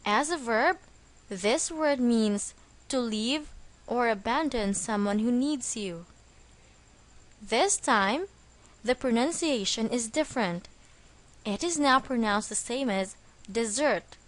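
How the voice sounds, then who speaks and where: Slow, clear-spoken woman teaching English. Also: on the high side, lively intonation. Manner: slow, careful, stressing syllables. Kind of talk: scripted vocabulary lesson.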